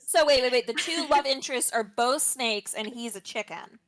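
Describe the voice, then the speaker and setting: A woman's voice: a little high, moderate pace, dry recording. Playful woman co-host, dry close sound. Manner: expressive storyteller, loud and playful. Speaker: podcast co-host. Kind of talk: casual podcast chat.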